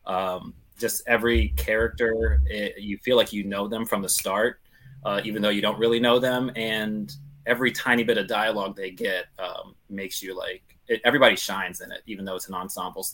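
A man's voice: lowish voice, little pitch movement, brisk, fairly bright tone. A man in a casual podcast chat, rambling and hesitant, with lots of fillers. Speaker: podcast co-host.

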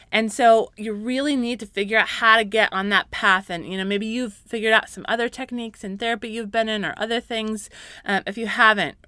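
A woman's voice: mid-range voice, sharp tone, no echo. A woman hosting a faith-based parenting podcast, speaking earnestly and encouragingly, at times rising to fervent emphasis. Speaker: podcast host.

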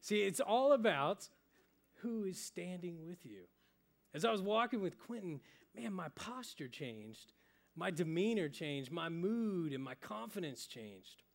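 A young adult male pastor preaching a sermon, telling stories and dropping to a soft, hushed voice for emphasis. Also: sits high, big pitch swings, measured pace, creaky. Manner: storytelling, with sudden drops to soft, hushed emphasis.

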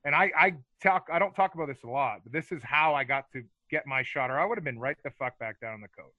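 A man's voice: mid-range voice, fast, pushed and bright, no echo. A middle-aged man, a former hockey fighter, telling rambling, profane stories as a podcast guest and laughing as he goes. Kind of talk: casual storytelling interview. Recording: dull lo-fi dry sound.

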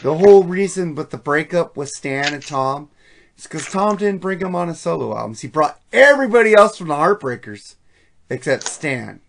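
A man's voice: fairly high pitch, animated, normal speed, vocal fry. A man hosting a podcast, talking about songs in a casual, profane and enthusiastic way that rambles. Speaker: podcast host. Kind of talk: casual music chat.

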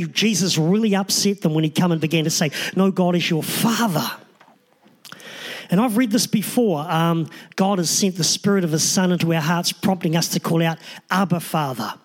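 High-voiced man preaching a sermon. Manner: earnest, emphatic preaching with short repeated phrases. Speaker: pastor.

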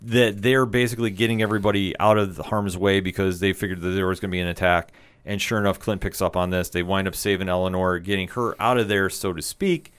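A man with a low, smooth voice recaps an episode for a podcast. He talks casually and keeps the story going with fillers and quick asides. His energy is enthusiastic. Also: steady tone, a bit bright. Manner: enthusiastic, rambling retelling with fillers. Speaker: podcast co-host.

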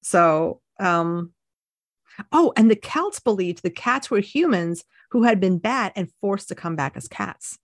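Woman podcast co-host, upbeat explainer from her notes, mid pitch, dry close recording. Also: lively intonation, unhurried, dry recording. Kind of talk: casual chat.

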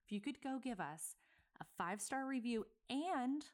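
A woman's voice: fairly high pitch, animated, moderate pace. A woman in her thirties from Virginia hosting a podcast, chatting loosely with many fillers and self-corrections, a little out of breath. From Virginia, USA. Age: 30s. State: a bit out of breath. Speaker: podcast host. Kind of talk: casual solo podcast intro.

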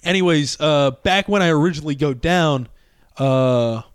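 A young man hosting a podcast, telling a story in a casual, animated way with lots of swearing and laughter. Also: a little high, moderate pace, smooth, dry recording, clean studio sound. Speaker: podcast host.

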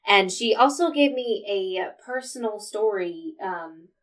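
A woman's voice: medium pitch, animated, unhurried, fairly bright tone. A woman co-hosting a podcast in casual chat, rambling and filling her talk with "like" and "um". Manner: rambling, lots of fillers like "like". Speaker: podcast co-host.

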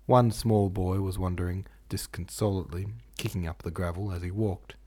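Husky, dark-voiced male narrator. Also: low voice, fairly even intonation, moderate pace. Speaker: audiobook narrator, podcast host. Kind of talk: literary audiobook reading.

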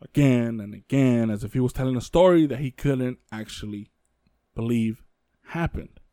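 A man hosting a casual podcast, retelling a true-crime story in a loose, filler-heavy way with quick acted quotes. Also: medium pitch, warm tone, dry recording, clean studio sound. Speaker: podcast host telling the case.

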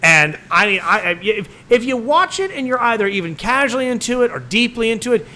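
A man's voice: extremely high pitch, big pitch swings, brisk, sharp tone, a little hiss or hum. A man co-hosting a podcast, telling crude stories with lots of swearing and laughter. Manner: profane, laughing storyteller. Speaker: podcast co-host. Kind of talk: crude casual chat.

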